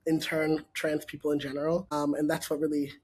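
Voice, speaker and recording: A man's voice: a little high, monotone, fairly quick, darkish tone, husky. A man from Minnesota speaking as a panelist and organizer, reflective and casual with frequent fillers.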